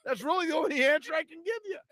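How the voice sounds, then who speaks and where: Man, high voice, podcast banter, rambling, argumentative, swears, dry sound. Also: lively intonation, very fast, a bit bright, no echo. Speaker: podcast co-host.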